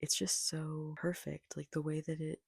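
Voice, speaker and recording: A young woman with a low, flat voice, gravelly with fry and a husky edge, gushing and rambling about her reading at home. She talks in loose, excited run-on sentences full of filler, like a casual vlog to her viewers. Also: moderate pace. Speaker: booktuber.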